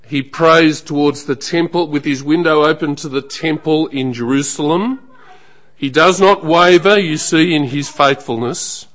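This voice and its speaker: A man preaching a sermon in a measured, emphatic way, letting phrases trail off softly at the end. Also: a little high.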